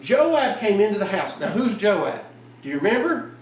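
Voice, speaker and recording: A man preaching a casual evening sermon in a church, telling the story in a lively way and acting out the lines. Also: high voice, moderate pace, a little hiss or hum. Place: church sanctuary. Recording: roomy church sound from a distant mic.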